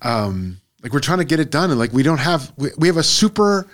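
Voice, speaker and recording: A man's voice: a little high, big pitch swings, brisk. Rambling man in casual podcast chat. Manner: rambling, fumbles and corrects his words. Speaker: podcast co-host.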